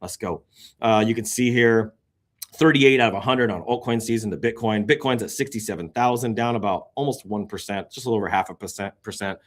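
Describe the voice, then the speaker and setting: Excitable man talking through crypto charts. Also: on the low side. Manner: excitable, swings between muttering and sudden exclamations; yawning, drawn-out sighs. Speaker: crypto show host. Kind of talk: casual screen-share market commentary.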